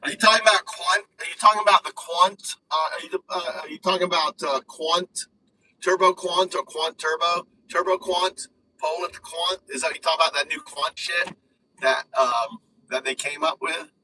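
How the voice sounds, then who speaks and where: A man chatting casually on a live stream in an excitable way, swearing and restarting his sentences. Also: fairly high pitch, normal speed, recorded from a distance, a little hiss or hum, poor audio. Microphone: phone.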